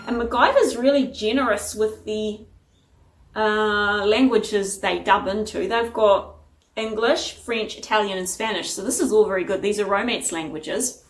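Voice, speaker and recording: A woman's voice: mid-range voice, a little slow, roomy sound. A woman vlogging from home in a chatty, rambling way as she sorts DVDs. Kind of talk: casual chat. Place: at home sorting a DVD collection.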